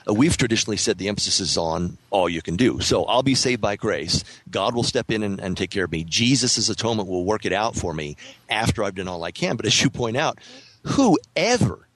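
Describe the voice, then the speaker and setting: Deep-ish guy on a podcast, thoughtful, lots of uhs, dry sound. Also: animated, fairly bright tone, no room sound, poor audio. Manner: thoughtful, measured, with frequent fillers and restarts. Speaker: author guest on a podcast. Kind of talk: casual podcast conversation.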